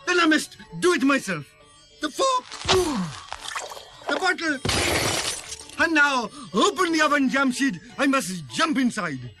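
A shrill, wildly swooping cartoon cook, theatrical and excitable. Loud music plays under the cartoon soundtrack. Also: male voice, a little slow, long pauses, heavily acted. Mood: eager.

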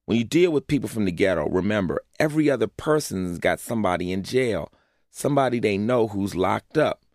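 A man's voice: lowish voice, lively intonation, fairly quick, darkish tone, dry recording, clean studio sound. A man narrating a personal essay in a blunt, profane way, often asking rhetorical questions. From Los Angeles, USA.

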